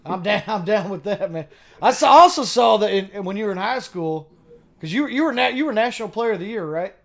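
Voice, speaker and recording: Brash high-voiced male podcast host. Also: animated, a little fast, gravelly. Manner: brash, joking, swears freely. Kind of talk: casual podcast talk.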